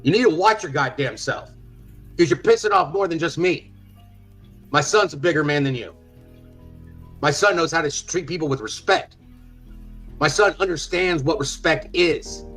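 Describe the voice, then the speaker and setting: A man unloading an angry rant, heated and foul-mouthed, his voice pitched a bit high for a man. He talks in a confrontational, profane way. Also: moderate pace, pauses often, fairly bright tone, soft background music, rough recording. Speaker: father speaking on a live panel.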